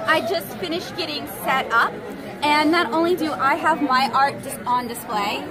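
In an echoey indoor anime convention hall with a faint crowd behind her, a woman sits at her artist alley table recording a vlog recap. She is a comic artist whose high voice moves at normal speed; she sounds tired, keeps things casual and candid, and chats with lots of "um" fillers.

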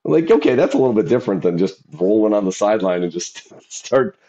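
A man co-hosting a casual podcast chat, telling coaching stories with animated acted-out quotes. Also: on the low side, fast. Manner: animated storytelling, acts out quoted shouting. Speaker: podcast co-host and youth football coach. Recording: dull lo-fi sound.

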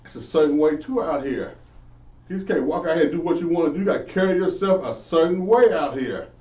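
A man's voice: fairly high pitch, fast talker, warm tone. A man giving an informal Bible lesson, earnestly preaching and asking questions he then answers himself. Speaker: Bible teacher. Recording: echoey, distant, dull lo-fi.

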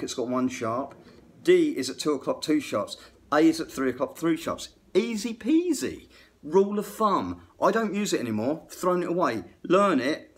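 Rambling middle-aged man vlogging music theory. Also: fairly high pitch. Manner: rambling, excitable, self-interrupting. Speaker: guitar tech and aspiring guitar teacher. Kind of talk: casual music theory vlog to camera. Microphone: phone camera.

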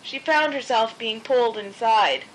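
A woman reading a children's picture book aloud in a gentle, expressive way. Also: on the high side, measured pace, slight background noise, poor audio. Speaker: storybook narrator.

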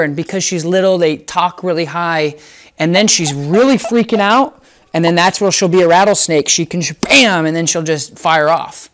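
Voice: mid-range voice, normal speed. A dog trainer explaining in a casual, emphatic way, repeating phrases for effect while working with a dog. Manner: talks to the dog in soft whispers between explanations. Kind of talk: casual instructional talk.

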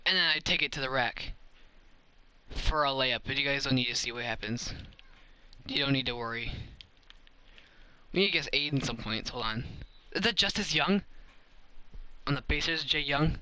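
Man, hyped gameplay commentary, bright tense voice, slightly high, playful trash talk, sudden yelps. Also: a little slow, pauses often. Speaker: gamer and commentator.

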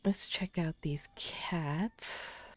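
A woman hosting a game playthrough, giving casual commentary in a soft-spoken way that drifts into whispers. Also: sits low, drawn-out words, no echo. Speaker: let's play host.

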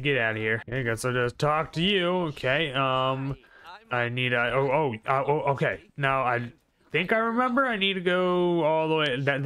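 A man's voice: on the high side, sharp tone. A young man giving rambling, sarcastic commentary while playing a video game, often talking back to the characters on screen. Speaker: gaming channel host. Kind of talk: casual gameplay commentary.

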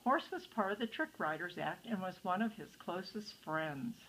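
A woman's voice: on the low side, expressive, moderate pace, fairly bright tone, breathy edge, low-quality recording. An older woman reading a picture book aloud to children, adding chatty asides to the listeners. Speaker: storytime reader.

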